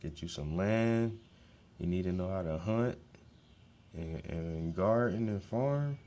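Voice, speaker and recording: A man's voice: deep voice, animated, slow, dark tone. A man hosting his own show, talking in a casual monologue, blunt and heavily profane, often repeating words for emphasis. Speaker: host.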